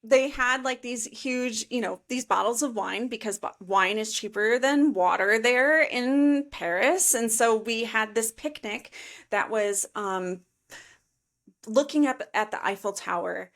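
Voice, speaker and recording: A woman in her thirties from the Chicago suburbs, a podcast guest telling travel stories in a lively, filler-heavy way. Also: fairly high pitch, unhurried. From suburbs of Chicago, USA. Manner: animated storyteller, many fillers like "like" and "you know". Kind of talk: casual interview chat.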